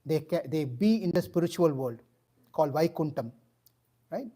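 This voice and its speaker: Man, spiritual teacher, high voice, animated storytelling sermon. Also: normal speed. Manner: acts out dialogue in a story, rising pitch when excited.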